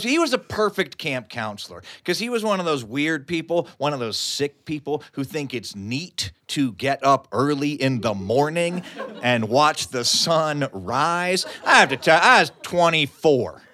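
Animated, bright-voiced male storyteller. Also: fairly high pitch. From West Virginia. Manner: animated, chuckling, comic asides. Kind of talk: live humorous tall-tale storytelling. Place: studio, live audience.

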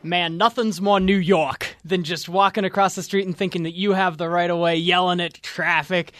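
A man's voice: high-pitched, steady tone, normal speed, fairly bright tone, dry recording, clean studio sound. A man co-hosting a casual movie talk show with an upbeat, radio-style delivery. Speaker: co-host. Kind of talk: casual chat.

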